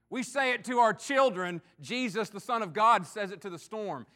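A man with a high-pitched voice delivers a sermon to a congregation. He preaches earnestly and emphatically, pushing some points hard and letting others drop low and slow. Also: animated. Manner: earnest, emphatic preaching with swings in loudness and pace. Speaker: pastor.

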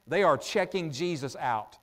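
A man preaching a sermon in a conversational way, asking his listeners rhetorical questions and pausing often with "uh" as he thinks out loud. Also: a little high, lively intonation. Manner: thinks out loud with frequent "uh" pauses.

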